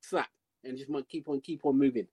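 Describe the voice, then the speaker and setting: A man co-hosting a casual podcast chat, giving emphatic, animated opinions. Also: medium pitch, a little fast, slightly rough. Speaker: podcast co-host.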